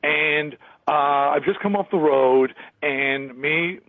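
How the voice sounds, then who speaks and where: A man's voice: on the high side, takes it slowly, no room sound. A man in his sixties from Long Island, New York, telling a story in an interview, acting out other people's lines and laughing often. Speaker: guest, rock musician. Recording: dry, tinny phone line.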